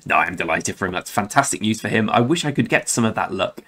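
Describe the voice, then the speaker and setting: A man's voice: fairly low pitch, animated, fairly quick, hardly any pauses, a bit bright. A young man hosting a gaming channel, talking casually and rambling through game commentary, often correcting himself and swearing now and then. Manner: rambling, self-correcting, chatty with mild swearing.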